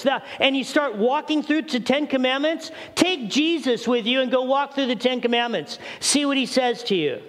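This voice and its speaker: Male pastor, high tenor, emphatic sermon delivery, echoing sanctuary. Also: animated, moderate pace, hardly any pauses, a bit bright. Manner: preaching with acted prayers and rising emphasis. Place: church sanctuary.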